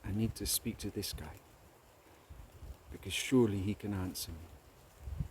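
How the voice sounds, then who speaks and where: A proud, hot-tempered king, as a storyteller puts him on, loud and imperious, his voice climbing above the narrator's low, slow tone. He speaks with big emotional swings in a told parable. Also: slight background noise, lightly acted. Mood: pleading.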